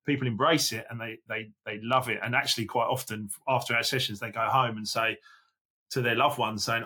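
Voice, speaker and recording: Bright, husky-voiced man telling stories. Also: mid-range voice. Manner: animated, quick anecdotes with self-quotes. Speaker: podcast guest. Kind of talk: casual conversational storytelling.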